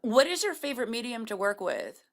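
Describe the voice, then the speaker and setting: A woman from Louisiana hosting a casual interview podcast, chatty and quick to laugh. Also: a little high, very animated. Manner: warm, laughs often, chatty. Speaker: podcast host.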